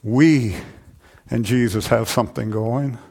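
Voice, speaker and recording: A man preaching a sermon to his congregation, shifting between loud, fervent passages and low, intimate asides, often repeating "I'm telling you". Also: takes it slowly, creaky, slightly rough. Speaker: pastor.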